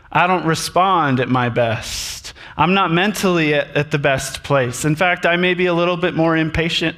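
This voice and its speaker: A man preaching a sermon to his congregation, animated and addressing them directly. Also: high voice. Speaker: pastor.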